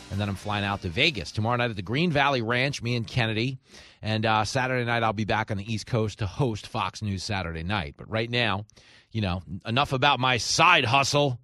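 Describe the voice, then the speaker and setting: A man hosting a call-in radio show, teasing his callers in a jokey, quick way. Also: medium pitch, sharp tone. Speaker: radio talk show host. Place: radio studio.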